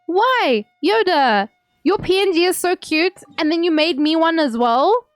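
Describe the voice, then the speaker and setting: A woman's voice: very high-pitched, animated, normal speed, dry recording, studio quality, faint music behind. A young woman livestreaming, chatting casually with viewers, reading messages aloud and laughing often. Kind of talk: casual chat with stream viewers.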